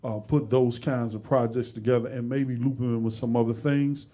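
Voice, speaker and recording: A man's voice: mid-range voice, steady tone, normal speed, mellow. A man hosting a live talk show, chatting casually and joking, with loose conversational phrasing. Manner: joking and playful, breaks into laughter.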